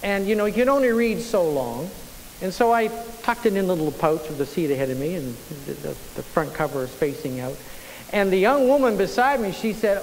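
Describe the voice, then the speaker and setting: A man's voice: on the high side, brisk, creaky. Pastor guy, sermon story, restarts a lot, big echoey church, bit of hiss. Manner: animated storyteller, frequent restarts. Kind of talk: sermon with personal anecdote. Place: church sanctuary. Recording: long church reverb, faint hiss.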